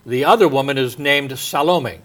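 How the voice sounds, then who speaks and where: A man with a mid-range voice preaches a sermon slowly and haltingly. He pauses often and uses fillers, and his voice drops soft at the ends of phrases.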